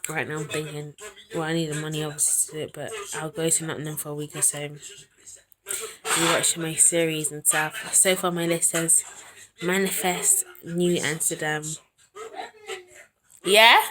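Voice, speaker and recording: A young woman speaking in a somewhat low voice, recording a casual video diary at home. She talks to herself with earnest, anxious sincerity, her words often sinking into a soft near-whisper. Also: little pitch movement, normal speed, a crowd in the background. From England. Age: young adult. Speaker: university student vlogger. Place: at home indoors.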